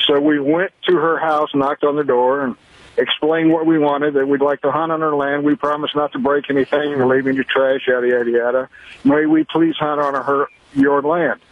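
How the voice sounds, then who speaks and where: A man calling in to a radio show, telling a folksy story in an unhurried way. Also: fairly high pitch, dry recording. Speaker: caller. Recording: dull lo-fi phone line.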